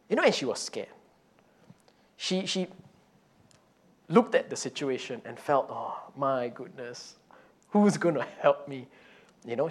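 A man's voice: medium pitch, a little mellow. A man preaching a conversational sermon and telling a story, with frequent "you know" fillers and restarts. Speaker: pastor.

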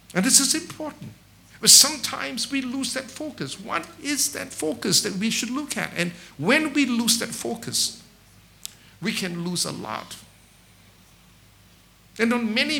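Lively, gravelly-voiced male preacher. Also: high voice. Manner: animated storytelling with rhetorical questions; repeats words when restarting. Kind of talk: sermon.

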